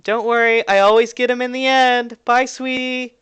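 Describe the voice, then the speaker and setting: Man putting on a taunting teen bully girl, sugary and mocking, high lively voice, tabletop game. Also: moderate pace, smooth. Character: mean teenage girl bully, smug and taunting.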